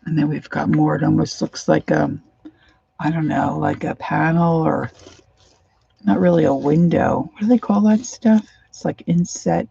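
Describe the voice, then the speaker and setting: A woman chats through a craft livestream from her home desk in a low, dark, mellow voice with a gravelly edge, keeping a measured pace and fairly even intonation. She rambles from topic to topic and drops into soft whispered asides. The dry recording sounds muffled and lo-fi, captured by a phone or camera on the desk.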